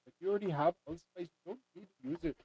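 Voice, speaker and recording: A man's voice: high-pitched, big pitch swings, rapid-fire, creaky, mellow, slightly rough, no echo. A man rambling in a casual monologue as he makes a money charm, swearing often and trailing off mid-thought. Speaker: vlogger making a money charm. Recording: dull lo-fi dry sound.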